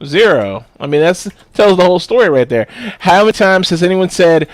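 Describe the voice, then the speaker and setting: A fairly high-pitched man talking in a loose, blunt podcast chat. He swears freely and laughs often, and his voice sits close and dry, with no room sound around it. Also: sing-song, brisk, hardly any pauses, dry recording. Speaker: podcast co-host. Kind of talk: casual chat.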